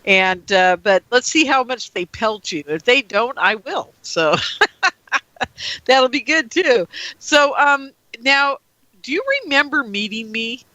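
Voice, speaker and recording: Bright-voiced woman hosting talk radio. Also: on the high side, slow, no echo, poor audio. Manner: laughs easily, chatty, reads chat messages. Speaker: radio show host.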